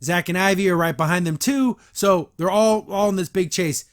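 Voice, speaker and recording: A young man hosts a podcast at a moderate pace, his voice sitting high as he recaps and reacts to a cartoon episode. He's casual, enthusiastic and rambling, often restarting and laughing.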